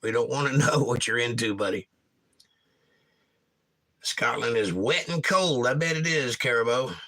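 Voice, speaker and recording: A man's voice: mid-range voice, measured pace, fairly bright tone. A middle-aged man hosting a casual livestream, reading viewer comments aloud and joking about them. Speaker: livestream host reading chat.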